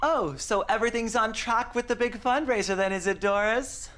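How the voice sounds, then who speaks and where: An actress playing a chatty, teasing small-town neighbor. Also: female voice, on the high side, fairly bright tone, slight background noise, lightly acted. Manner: teasing, folksy, drawn-out.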